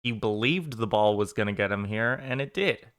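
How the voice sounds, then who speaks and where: A man's voice: lowish voice, moderate pace, fairly bright tone, smooth, no room sound. A man running an online tabletop game as game master, describing creatures in loose, filler-heavy talk.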